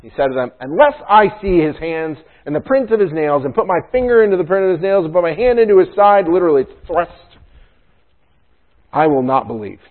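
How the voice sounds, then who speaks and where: A man's voice: fairly high pitch, sing-song, fairly quick. Tinny-sounding casual male pastor. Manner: casual, chatty asides and jokes. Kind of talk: conversational sermon.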